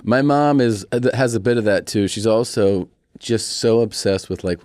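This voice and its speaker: Man, 40s, low voice, animated comic storyteller, close dry mic. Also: moderate pace, no room sound. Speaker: comedian guest. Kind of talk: casual storytelling interview.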